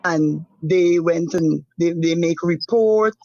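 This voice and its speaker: A woman whose husband is a missing fisherman recounts events in an interview, halting and repeating herself with many fillers. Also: lowish voice, darkish tone, muffled recording, a little hiss or hum. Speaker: family member of a missing fisherman, interview guest. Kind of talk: emotional first-hand account in an interview.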